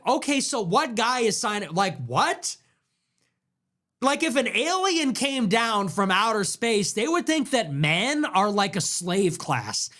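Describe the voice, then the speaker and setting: A man's voice: sits high, big pitch swings, takes it slowly, pushed and bright. Sarcastic, ranting man. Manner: sarcastic and mocking, jumps into mock voices. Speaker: political livestream host. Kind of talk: ranting live-stream commentary.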